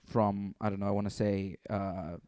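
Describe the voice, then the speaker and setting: A man's voice: on the low side, flat delivery, moderate pace, warm tone, no room sound, studio quality. A man, a stand-up comedian guest, telling rambling anecdotes full of fillers in casual podcast chat. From Canada.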